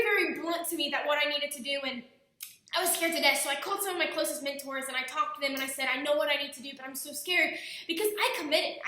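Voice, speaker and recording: Earnest bright-voiced young woman vlogging. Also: high voice. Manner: earnest, talkative, many restarts. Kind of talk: casual personal vlog. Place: indoors at home. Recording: very echoey room.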